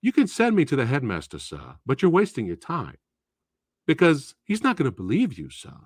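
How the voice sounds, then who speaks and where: A man's voice: medium pitch, wildly swooping pitch, moderate pace, husky, no room sound, clean studio sound. A man voicing polite, menacing teenage schoolboys who call everyone sir. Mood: coldly polite. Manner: overly formal, calls everyone sir.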